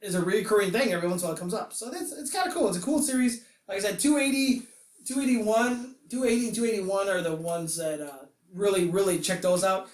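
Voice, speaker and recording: A man's voice: high-pitched, fast talker, far from the mic. A man co-hosting a casual comic-book podcast, rambling and joking, laughing often. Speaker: podcast co-host. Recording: roomy echo, off-mic.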